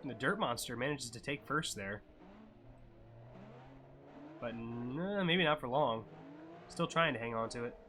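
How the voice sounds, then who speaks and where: A man casually commentating a live-streamed racing game, chatty and offhand with sudden excited yelps at crashes. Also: medium pitch, unhurried, long pauses, a little hiss or hum.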